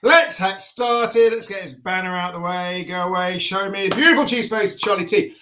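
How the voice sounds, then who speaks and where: A man with a high voice hosts a casual stream. He is chatty and playful, and he teases and jokes as he talks. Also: normal speed, pushed and bright, a little hiss or hum. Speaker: host. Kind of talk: casual live-stream chat.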